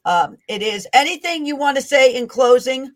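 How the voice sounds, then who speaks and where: A woman's voice: high-pitched, animated, moderate pace. Woman host of a faith show. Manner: affirming listener, frequent agreeing murmurs. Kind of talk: faith-based interview show.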